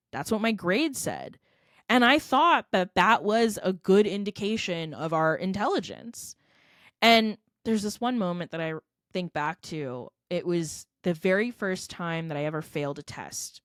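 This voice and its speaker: Earnest low-voiced woman telling her story. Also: dry recording, clean studio sound. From California, United States. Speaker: guest, edtech company founder. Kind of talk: personal storytelling in a podcast interview.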